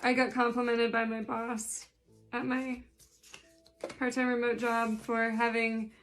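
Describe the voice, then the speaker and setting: A woman's voice: on the high side, little pitch movement, unhurried, fairly bright tone, faint music behind. Chatty woman giving a tarot reading. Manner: chatty, dry sarcastic humor. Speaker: spiritual life coach and tarot reader. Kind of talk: casual tarot reading vlog.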